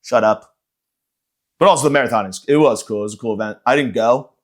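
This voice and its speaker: A man's voice: mid-range voice, quick pace. A man hosting a comedy podcast, delivering a rambling, sarcastic, profane rant. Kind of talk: ranting comedic monologue.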